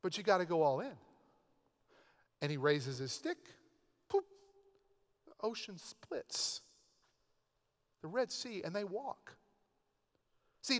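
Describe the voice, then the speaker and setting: Male pastor, high voice, chatty sermon storyteller, reverberant sanctuary. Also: sharp tone. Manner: conversational, storytelling with asides. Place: church sanctuary. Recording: long church hall reverb.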